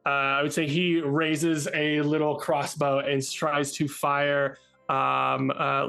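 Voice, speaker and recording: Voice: mid-range voice, creaky, a bit bright, clean tone. A game master narrating a tabletop game casually, with lots of fillers and laughs. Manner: casual, filler-heavy, giggly.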